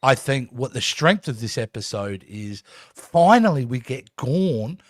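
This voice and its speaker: A man's voice: medium pitch, big pitch swings, a little slow, no room sound, studio quality. A man co-hosting a casual podcast, teasing and wry as he gives his take. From Australia. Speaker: podcast co-host. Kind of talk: casual banter on a streamed podcast.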